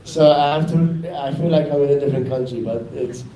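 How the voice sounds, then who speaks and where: A man's voice: medium pitch, fairly even intonation, a little fast, warm tone, slight background noise. A man with a Northeastern US accent teaching Arabic letters in a classroom, calling out letter names for students to repeat. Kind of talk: classroom lesson, slow and repetitive. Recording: echoey room picked up from a distance.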